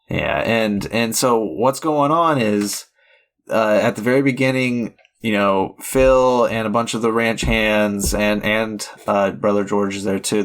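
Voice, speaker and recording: On a podcast he co-hosts, a low-voiced man rambles casually about films. His talk is full of fillers and restarts.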